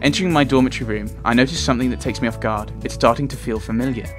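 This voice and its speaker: A man reading a visual novel aloud as a let's player, chatty and quick to laugh at his own slips. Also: medium pitch, over music.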